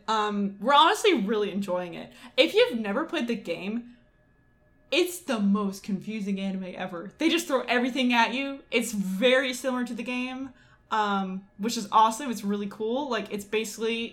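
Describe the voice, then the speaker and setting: A young adult woman co-hosting a casual chat, rambling and animated, full of fillers. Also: fairly high pitch, moderate pace.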